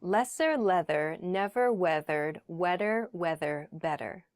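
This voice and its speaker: A woman's voice: on the low side, takes it slowly, no room sound. Playful woman on a dry close mic. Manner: playful, tries tongue twisters out loud. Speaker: podcast host played in class. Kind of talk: casual podcast chat.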